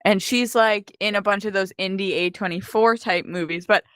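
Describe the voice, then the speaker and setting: A young woman co-hosting a casual chat, telling a rambling story full of fillers and quick laughs. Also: mid-range voice, steady tone, fairly bright tone, no room sound. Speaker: co-host.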